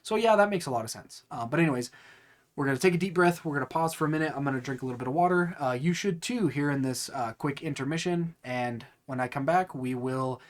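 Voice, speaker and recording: A man's voice: on the high side, fast talker. A young man hosting a casual let's play, chatting and joking with viewers, with bursts of frustration. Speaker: gaming channel host.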